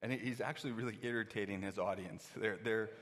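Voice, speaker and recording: A man's voice: lowish voice, quick pace, fairly bright tone. A man preaching a sermon in an easy, conversational way, often acting out the voices of doubting listeners. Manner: conversational, acts out quoted listeners. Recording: long reverb of a hall.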